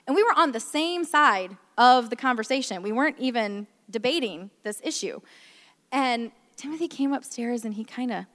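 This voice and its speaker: With long reverb from a large hall around her, a woman gives a candid church testimony about her marriage, poking fun at herself and using lots of fillers. Her slightly high, slightly bright voice has lively intonation at a normal pace.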